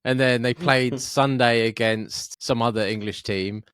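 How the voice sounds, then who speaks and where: A Scottish man co-hosting a podcast, telling sweary, animated anecdotes in casual chat. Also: medium pitch, a little slow, smooth, dry recording, clean studio sound. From Scotland, Fife. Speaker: podcast co-host.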